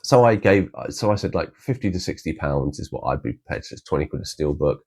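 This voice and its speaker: Very deep-voiced man chatting. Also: lively intonation, quick pace, a little mellow, husky. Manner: rambling with many restarts. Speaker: collector vlogger. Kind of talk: casual vlog chat.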